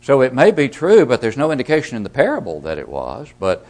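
A man preaching a sermon, asking rhetorical questions and swinging from loud emphasis to hushed asides. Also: medium pitch, huge pitch swings, quick pace.

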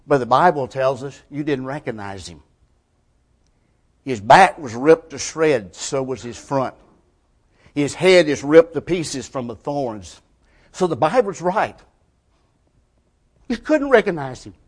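Preaching with a mid-range voice and lively intonation, this man speaks a little slowly and leaves long pauses. His sermon moves from loud emphasis to almost-whispered quiet, all in everyday, colloquial grammar.

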